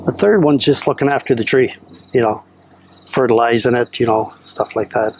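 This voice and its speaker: A man who owns a mango farm talks casually and plainly about growing, with a relaxed manner and some fillers, outdoors on the farm. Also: medium pitch, moderate pace, a little hiss or hum. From Canada. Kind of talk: casual interview.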